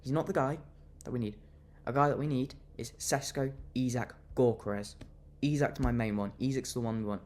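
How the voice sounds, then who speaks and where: A man's voice: medium pitch, steady tone, normal speed, hardly any pauses, darkish tone. A young man venting his anger in a fan reaction rant, fuming and repeating himself as he vents. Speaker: football fan vlogger.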